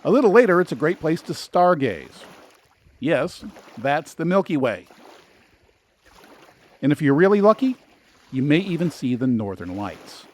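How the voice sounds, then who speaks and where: A man's voice: fairly high pitch, big pitch swings, measured pace, pauses often, a little mellow. A man hosting a travel guide, giving scripted narration with dry, sarcastic asides.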